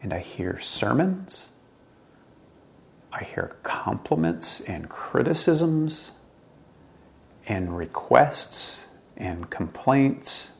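A man delivers a sermon in a low, gravelly voice. He talks earnestly, pushing up into emphatic questions before sinking back down to a quiet, low delivery. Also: big pitch swings, very slow, pauses often. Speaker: pastor.

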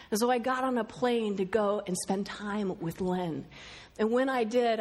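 A middle-aged woman giving a sermon, telling stories and quoting others in lively voices. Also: on the high side. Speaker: speaker.

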